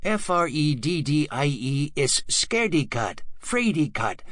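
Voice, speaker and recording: A man narrating an audiobook in a halting, sing-song, childlike manner with close studio miking. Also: on the high side, very animated, fairly bright tone, dry recording.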